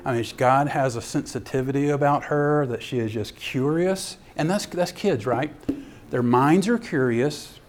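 A man giving a sermon-style ministry talk as an animated storyteller who acts out scenes. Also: medium pitch, a little slow, slight background noise. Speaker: ministry speaker.

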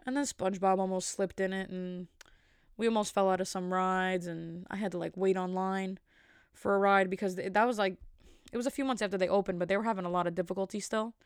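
Woman, comic storytelling, rambling, sassy asides, smooth clear voice, dry close sound. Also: medium pitch, steady tone, brisk, no room sound.

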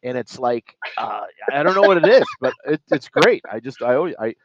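A man in a casual comedy chat, joking in a deadpan, mock-serious way. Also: medium pitch, a little fast, highs cut off, slight background noise. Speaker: podcast co-host.

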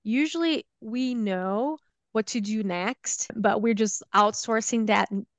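A woman's voice: fairly high pitch, unhurried, no room sound. A woman leading a support group talks in casual conversation, earnest and reassuring, sometimes trailing off and restarting her thoughts. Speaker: guest, support group leader.

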